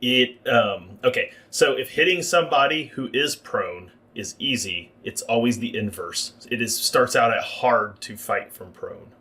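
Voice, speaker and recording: Bright-voiced man running a tabletop game. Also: medium pitch, animated, measured pace, hardly any pauses. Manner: explains rules at length. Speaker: game master. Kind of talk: narrating a tabletop game livestream.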